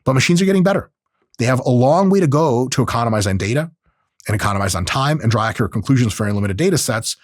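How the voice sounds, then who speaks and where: A man's voice: medium pitch, lively intonation, very fast, no echo, studio quality. A man hosting a podcast, talking casually about technology and acting out quoted voices with profane asides. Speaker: podcast host.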